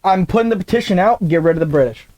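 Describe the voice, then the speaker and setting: A man's voice: high voice, animated, quick pace, darkish tone. A man co-hosting a podcast, chatting casually and riffing with jokes. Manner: jokey, riffing. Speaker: podcast co-host. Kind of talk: casual chat.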